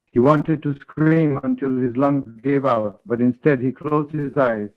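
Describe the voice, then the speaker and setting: A man's voice: medium pitch, fairly even intonation, a little slow. Narrating man over a tinny call line. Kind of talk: third-person story narration. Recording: tinny online call audio.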